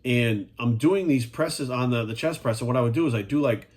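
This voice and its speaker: A man's voice: medium pitch, fairly quick. A man talking as a fitness coach in a casual monologue, blunt and profane, firing rhetorical questions at the viewer.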